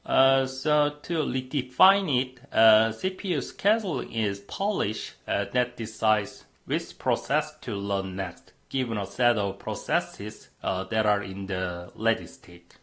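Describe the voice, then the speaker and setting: A man's voice: fairly low pitch, lively intonation, slow, few pauses, a bit bright. A man lecturing a university class on computing, explaining step by step with frequent "uh" fillers.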